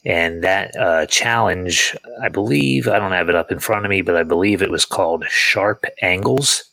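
A man with a low but bright, forceful voice hosts a podcast in a relaxed, self-deprecating way. His voice is slightly hoarse, and the sound is dry and close. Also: moderate pace, dry recording, rough recording. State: voice going hoarse. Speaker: podcast host. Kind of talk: casual chat.

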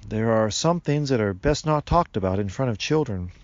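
A man's voice: lowish voice, animated, normal speed, dry recording, lo-fi sound, close to an everyday voice. A man doing an earnest, pleading father.

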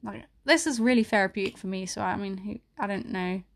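A woman's voice: mid-range voice, fairly quick, vocal fry. A young woman hosting a solo podcast, talking candidly and emotionally with lots of "like" fillers and the odd swear word. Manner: rambling, many "like" fillers and swearing; emotional, voice near tears at times. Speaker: podcast host.

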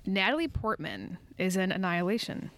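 A player in a casual podcast game, excitable and quick to swear. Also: medium pitch, a little hiss or hum. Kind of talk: casual chat.

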